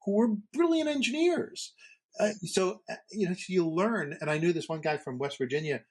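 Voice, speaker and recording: A man's voice: a little high, fairly quick, husky. A middle-aged man from the Northeastern United States, co-hosting a podcast in casual conversation and telling rambling stories full of fillers and restarts. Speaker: podcast co-host.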